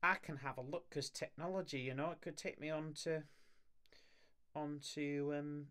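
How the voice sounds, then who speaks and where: A man's voice: on the high side, fairly even intonation, normal speed, fairly bright tone, smooth. A man who works as a voice actor, chatting casually on a live stream, rambling and laughing often.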